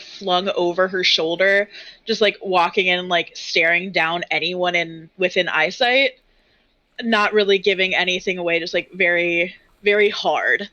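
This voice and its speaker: Brief: female player, bright, crisp tone, chatty. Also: on the low side, dull audio. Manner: descriptive, with frequent "like". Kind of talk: tabletop game play.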